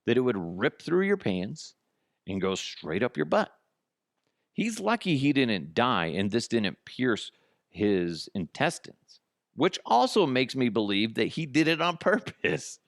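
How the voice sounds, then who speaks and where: A middle-aged man hosting a podcast, telling profane, comic stories in a casual way and jumping to a high, disbelieving pitch. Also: measured pace, no room sound, studio quality. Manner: profane, animated, jumps to high incredulous pitch. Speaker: podcast host. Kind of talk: casual comedic storytelling.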